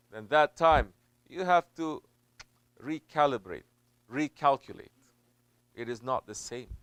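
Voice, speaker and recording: A man, a Sufi teacher, preaching a sermon in an emphatic way. He drops to low murmurs, then builds to loud, stressed peaks, and he repeats phrases for weight. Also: animated, measured pace, long pauses, clear, resonant tone, dry recording. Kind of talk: sermon answering a question.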